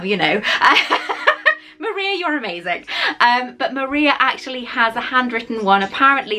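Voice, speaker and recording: Chatty woman with a bright voice. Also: a little high, poor audio. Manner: chatty and effusive, with frequent ums and laughs. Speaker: YouTuber. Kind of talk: casual vlog chat.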